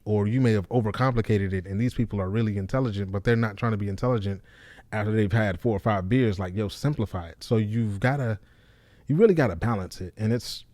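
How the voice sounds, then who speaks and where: A man who is a stand-up comedian, talking casually to camera in a low, deep, monotone voice with loose fillers. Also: dry recording. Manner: loose, repeats himself with fillers like "you know what I'm saying".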